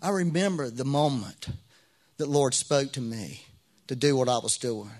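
A man's voice: medium pitch, normal speed, a little mellow. A middle-aged man preaching a sermon as pastor, in a conversational way with frequent restarts and rising bursts of emphasis.

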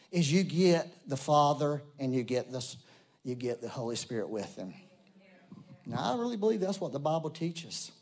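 A man preaching a sermon, talking straight to his congregation and swinging between loud emphatic bursts and soft low asides. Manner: conversational, addresses congregation directly. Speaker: pastor.

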